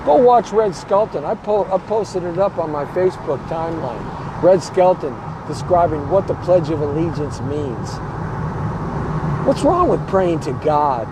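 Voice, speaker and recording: Show host, male, fired-up political commentator, combative and emphatic, voice sitting high, loud traffic behind. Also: lively intonation, measured pace. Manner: emphatic, hammering rhetorical questions; blunt and combative.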